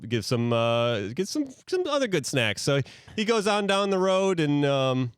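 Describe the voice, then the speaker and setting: A man's voice: on the high side, big pitch swings, measured pace, smooth, dry recording, studio quality. A man co-hosting a podcast who spins an improvised comic story in a rambling, playful way, with plenty of fillers. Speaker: podcast co-host.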